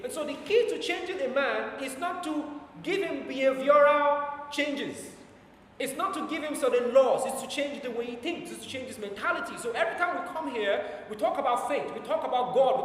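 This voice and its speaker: A man preaching a sermon, driving his points home and slowing down to dwell on scripture, with his volume rising and falling. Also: extremely high pitch, fairly bright tone, slight background noise. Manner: emphatic, slows down for scripture quotes, volume rises and falls. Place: church hall with long reverb. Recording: echoey church hall from far off.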